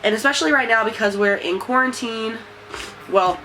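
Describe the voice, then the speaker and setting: A woman's voice: fairly high pitch, moderate pace, sharp tone, slight background noise, rough recording. A young woman vlogging in a casual, rambling way, full of fillers and "like". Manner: chatty, rambling, many fillers and likes. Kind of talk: casual chat to camera.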